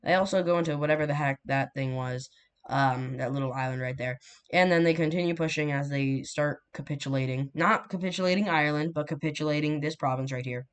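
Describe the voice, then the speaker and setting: A man giving casual commentary over a war map animation, rambling and correcting himself with jokey asides. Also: medium pitch. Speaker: map video narrator.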